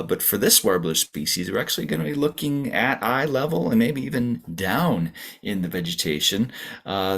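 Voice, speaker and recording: A man directing a nature center, giving a relaxed, chatty narrated birding tour with plenty of fillers and the odd imitated bird song. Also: sits low, vocal fry.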